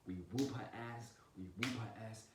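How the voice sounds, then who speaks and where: A man casually telling a personal family story, animated and laughing, acting out the scenes with sound effects. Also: normal speed. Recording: roomy echo, distant mic, low rumble.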